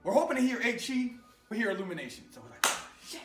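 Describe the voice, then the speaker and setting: A man, an Army veteran, telling an animated, profane war story in casual conversation in a garage. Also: extremely high pitch, racing, roomy sound, far from the mic.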